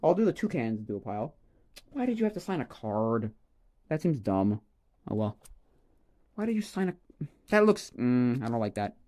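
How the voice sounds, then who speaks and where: A man on a casual livestream, rambling and exclaiming excitedly as he opens trading cards. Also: medium pitch, moderate pace, pauses often. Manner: excitable, rambling, exclaims over each card. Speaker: streamer opening a card pack.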